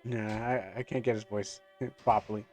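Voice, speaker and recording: A man's voice: on the low side, little pitch movement, normal speed, a little mellow, faint music behind. A man streaming a game, rambling through casual commentary with lots of fillers and restarts. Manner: rambling, many fillers and restarts, laughs often. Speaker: gaming streamer.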